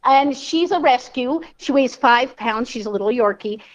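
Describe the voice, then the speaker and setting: A woman's voice: on the high side, normal speed, dull audio. A woman guest in a casual chat interview, friendly and storytelling, laughing often. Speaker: guest, car restorer.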